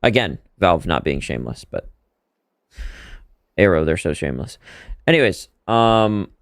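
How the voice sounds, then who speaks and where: A man streaming a shooter game live, chatting casually about updates and reacting loudly to the play. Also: low voice, big pitch swings, measured pace, gravelly, no room sound, clean studio sound. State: hiccuping. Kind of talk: casual live-stream commentary while gaming.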